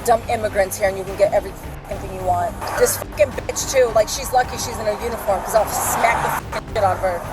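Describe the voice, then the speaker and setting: A woman shouting and cursing angrily at police officers during an arrest at a roadside. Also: medium pitch, fast, few pauses. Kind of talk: heated argument with police. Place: outdoors by a roadside. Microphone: police body camera. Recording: distant body-cam audio with music.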